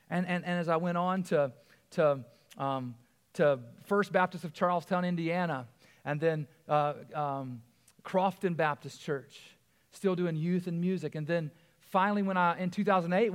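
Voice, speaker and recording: Male pastor, 40s, conversational sermon, raised pitch, gravelly texture. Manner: conversational preaching with frequent asides and repeated words.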